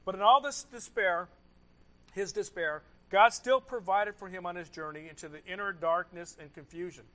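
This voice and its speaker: A man preaching a sermon, swinging between loud emphasis and hushed asides, repeating key phrases and asking rhetorical questions. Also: high voice, normal speed, low-quality recording. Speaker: pastor.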